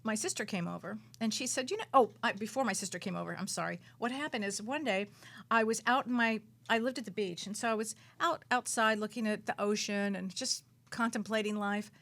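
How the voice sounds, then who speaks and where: A woman who works as a psychic medium, a guest on a radio talk show, telling her story in an animated, dramatic way and repeating words for emphasis. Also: brisk, vocal fry. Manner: animated, dramatic storytelling with big swings in pitch and loudness.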